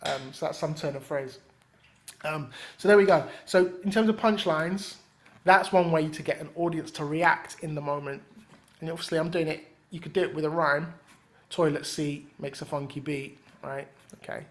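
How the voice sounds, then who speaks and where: A man's voice: on the high side, moderate pace. A man leading a rap writing workshop in casual teaching talk. He is easygoing, fills gaps with "um" and slips into rhythmic rap examples as he explains. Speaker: workshop leader and rapper.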